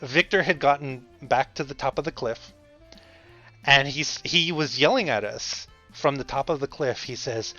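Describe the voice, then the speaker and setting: A man's voice: mid-range voice, moderate pace, bright, forceful tone. Rambling man telling a story on stream. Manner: rambling, self-correcting, chuckling. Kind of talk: casual livestream storytelling. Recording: slightly dull audio, faint music. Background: faint music.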